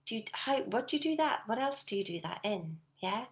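Woman, middle-aged motivational coach, talks straight to camera, punchy and animated. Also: fairly high pitch, fairly quick. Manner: animated, emphatic, addresses viewer directly with frequent "yeah?". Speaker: personal development coach.

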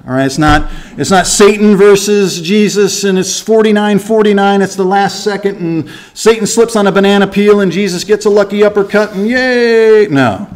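A man teaching the Bible to his church verse by verse, in an animated, conversational way, asking the listeners rhetorical questions and acting out little scenes. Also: high-pitched.

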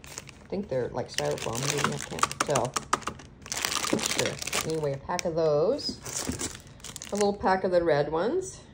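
A woman's voice: sits low, expressive, measured pace, pauses often. A woman chatting casually as she unboxes craft supplies at home, gushing and filling gaps with lots of ums. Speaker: craft vlogger. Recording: noisy home recording.

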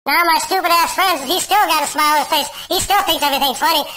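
A person telling a rambling joke through a pitched-up cartoon cat voice app, with folksy restarts. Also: fast talker, bright, forceful tone, a little hiss or hum. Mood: cheeky. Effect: sped-up, pitched-up cartoon voice app. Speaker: joke teller. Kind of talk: joke storytelling.

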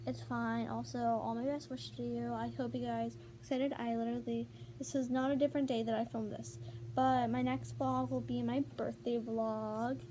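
A young woman talks straight to her viewers in a bubbly, chatty way, her voice sitting high. There is clear noise under the home video recording. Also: level tone, moderate pace, warm tone, rough recording. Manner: bubbly and chatty, with little laughs and sighs. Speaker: vlogger. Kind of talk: casual vlog chat.

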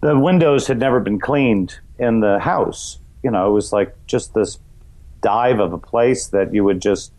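A middle-aged man from New York's Westchester County, a comedian guest talking in a loose, rambling way, full of "you know" fillers. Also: measured pace. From Westchester County, New York. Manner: acts out voices in high shouts. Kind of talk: casual interview chat.

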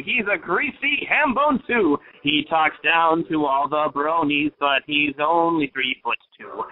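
A man's voice: high voice, exaggerated voice. A man voicing a male prank caller who recites a mocking poem in a sing-song rhythm. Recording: tinny phone-like audio.

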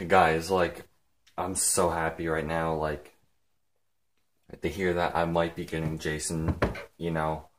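A man vlogging casually, rambling with lots of fillers, excited and emotional to the point of near tears. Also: a bass voice, slow pace, long pauses. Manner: rambling, heavy use of "like" and "frickin'". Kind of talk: casual vlog talk.

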